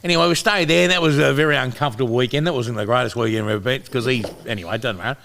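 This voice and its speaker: A man's voice: medium pitch, racing, creaky, fairly bright tone, slight background noise. An Australian man casually telling rambling stories, swearing a lot and acting out what people said. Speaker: podcast co-host. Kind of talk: casual storytelling chat.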